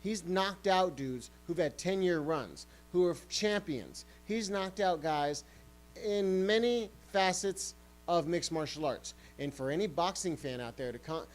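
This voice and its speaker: A man's voice: sits high, measured pace, soft background music, low-quality recording. A man hosting a sports podcast, ranting heatedly and swearing often. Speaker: podcast host.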